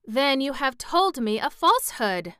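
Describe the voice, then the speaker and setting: A woman voicing a stern but gracious female sorceress ruler in a storybook reading, commanding and measured. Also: medium pitch, expressive, fairly bright tone, smooth, no echo, clean studio sound.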